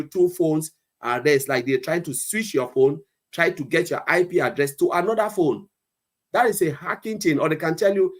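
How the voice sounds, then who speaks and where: A man co-hosting an online talk, giving earnest advice and retelling conversations as he goes. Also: fairly high pitch. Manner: earnest, storytelling with quoted exchanges. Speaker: co-host.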